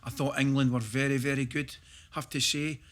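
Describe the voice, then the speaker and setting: Scottish man, middle-aged, bright voice, animated storyteller who laughs through his tales, casual podcast guest. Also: mid-range voice, normal speed. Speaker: guest, former footballer. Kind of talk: casual podcast chat, anecdote telling.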